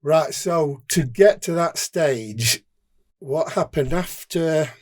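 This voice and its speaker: This older man from England has a Derbyshire accent and a fairly high, animated voice, and he takes his time. As a podcast guest and onetime motorbike racer, he tells stories of his racing career casually and meanderingly, starting sentences over and performing the dialogue.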